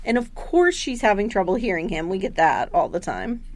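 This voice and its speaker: A woman co-hosting a casual podcast, recapping an episode with animated storytelling and squealed voices for the people she quotes. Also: mid-range voice, moderate pace, no echo. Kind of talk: casual chat.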